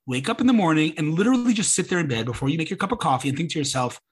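A man's voice: a little high, very animated, racing, slightly rough. A man hosting a podcast over a video call, talking in a casual, emphatic way and slipping into mocking voices when he quotes people. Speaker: podcast host. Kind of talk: casual conversational interview.

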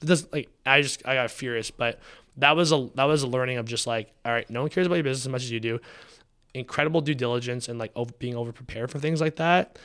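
A young man from Canada, a guest telling a story in casual chat, animated, acting out the quotes and swearing freely. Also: mid-range voice, quick pace, smooth. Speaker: podcast guest, drinks founder.

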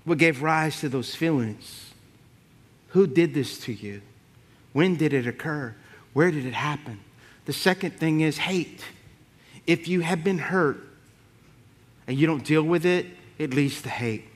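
Brief: male preacher, high voice, plainspoken and punchy, working the congregation. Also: a little slow, long pauses. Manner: punchy, rhyming lines and audience call-outs. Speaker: pastor. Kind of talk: sermon.

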